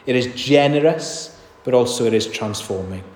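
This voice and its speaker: Male pastor, mid-pitched, emphatic sermon delivery, roomy hall reverb. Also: moderate pace, a little mellow. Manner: earnest, emphatic, rhetorical questions. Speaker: preacher. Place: church.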